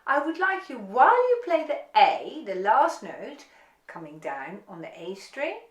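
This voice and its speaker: Lively woman violin teacher, echoey room. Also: sits high. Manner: encouraging, step-by-step instruction. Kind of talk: online violin lesson.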